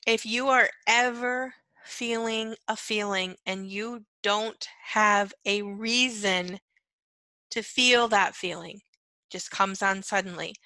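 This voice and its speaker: A woman's voice: medium pitch, fairly even intonation, slow, pushed and bright, dry recording, low-quality recording. A woman teaching on empathy in an earnest monologue, repeating key phrases and checking in with "right?" and "okay". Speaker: empath coach.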